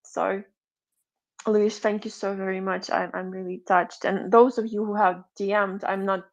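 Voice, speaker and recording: A woman from Ukraine, hosting a live audio chat, talking in an emotional, rambling way with many fillers and soft laughs. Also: mid-range voice, little pitch movement, measured pace. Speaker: host. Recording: muffled lo-fi audio.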